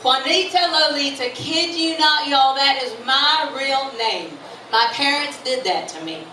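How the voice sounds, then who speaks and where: Speaking in an unhurried, high voice with a bright, forceful tone, a woman from Florida performs stand-up at a live venue. She's bubbly and playfully quizzes the audience. The sound comes from far away in an echoey room, with crowd laughter and room noise audible.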